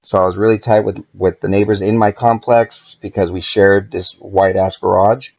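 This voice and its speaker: A man with a gravelly, fairly low voice tells a story as a podcast guest, cursing freely and rambling through lots of "like"s. The audio is dull and lo-fi, like a basic podcast setup. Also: steady tone, moderate pace. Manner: profane, laid-back, rambling with many "like"s. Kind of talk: casual storytelling chat.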